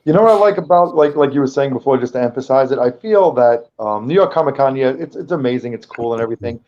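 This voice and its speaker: A man's voice: mid-range voice, animated, fast. A man chatting as a guest on a casual podcast, enthusiastic and rambling, often restarting his sentences. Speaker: guest comic vendor. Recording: dull lo-fi sound.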